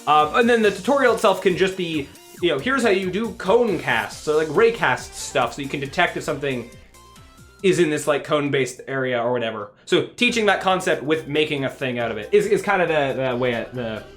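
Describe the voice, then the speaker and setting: Man, livestream developer, casual rambling chat, slightly high voice, faint music behind. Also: animated, a little fast, a bit bright. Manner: rambling, many restarts and fillers.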